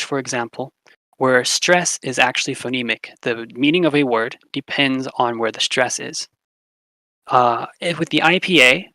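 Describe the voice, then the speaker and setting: A young man with a bright, clear-edged voice gives a relaxed class explanation full of fillers. He slows down to repeat example words carefully. The recording is dry and close, with no room sound. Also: medium pitch, dry recording, rough recording. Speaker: language teacher.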